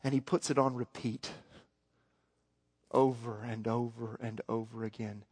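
A man preaching a sermon as pastor, moving from quiet storytelling to yelling with passion. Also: medium pitch, level tone, measured pace, husky. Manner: swings from soft to yelling. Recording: long hall reverb.

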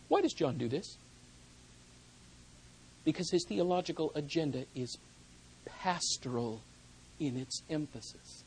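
Husky-voiced preacher, goes quiet then booms, slows way down on the verses. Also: lively intonation, poor audio. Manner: emphatic, swings between quiet and loud. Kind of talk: sermon.

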